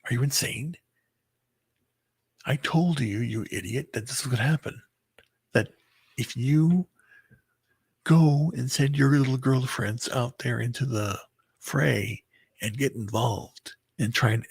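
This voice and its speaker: Man, husky and gravelly, halting storyteller full of "you know"s, dry close sound. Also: mid-range voice, no echo. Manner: halting and rambling, heavy filler words, bitter. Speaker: person recounting a breakup. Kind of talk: emotional personal storytelling.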